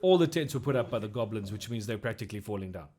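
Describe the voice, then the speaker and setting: A man's voice: on the low side, expressive, racing, a little mellow. A man narrating as game master, with loose, rambling, hesitant phrasing.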